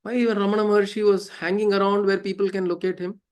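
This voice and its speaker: A man giving a spiritual discourse, animated and laughing often as he acts out quoted voices. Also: sits high, fast talker, clean tone. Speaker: spiritual teacher.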